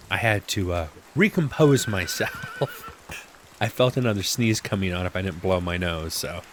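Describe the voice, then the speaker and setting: A man with a fairly low voice talks his way through a game session in a loose, rambling way. He pokes fun at himself and drifts into asides while he plays. A faint hiss sits under his desk-mic recording. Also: a bit bright. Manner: chatty, self-mocking, rambling asides. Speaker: gameplay video host. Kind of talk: casual let's-play commentary. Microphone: desk microphone.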